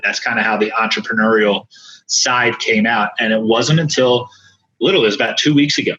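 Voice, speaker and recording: A man speaking as a podcast guest and coach, telling candid stories in an animated, earnest way with many asides. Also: on the low side, brisk, dull audio, a little hiss or hum. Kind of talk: candid storytelling in conversation.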